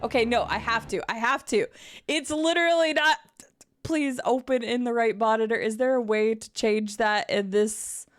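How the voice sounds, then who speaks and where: A young woman streaming a game, chatting casually and getting emotional and excitable, with casual swearing. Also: a little high, normal speed, few pauses, faint music behind. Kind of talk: casual live-stream gaming chat.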